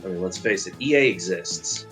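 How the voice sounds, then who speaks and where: A man speaking in a very low register, sick with a cough but chatting in a lively, wry way as a stream guest. Game music is clearly audible behind him. His talk stays casual. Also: a little fast. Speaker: guest voice actor. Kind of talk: casual chat.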